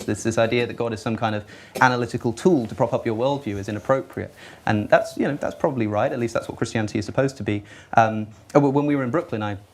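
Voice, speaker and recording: A man on a discussion panel who talks quickly and acts out little scenes in his arguments, often restarting and repeating words as he goes. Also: on the low side. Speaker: atheist panelist.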